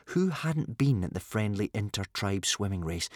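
A male narrator reads a children's adventure book with playful expression. His voice moves widely up and down in pitch, and the recording is dry, close and free of room sound. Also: expressive, measured pace, no echo. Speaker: audiobook narrator. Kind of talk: scripted storybook narration.

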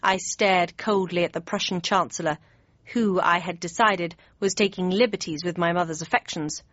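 A woman narrating an audiobook in the first person with crisp, even storytelling. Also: fairly low pitch, moderate pace, no room sound. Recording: dry, slightly dull studio read.

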